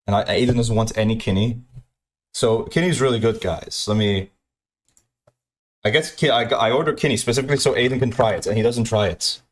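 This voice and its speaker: A young man rants through an aggrieved, profane anecdote, rambling with lots of repetition and quoted lines. His pitch swings quickly as he tells it.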